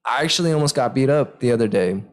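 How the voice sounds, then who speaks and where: A man's voice: mid-range voice, fast. A young man co-hosting a podcast, chatting casually and telling stories, acting out what people said. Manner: animated, acts out quoted lines loudly. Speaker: podcast co-host. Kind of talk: casual chat, storytelling.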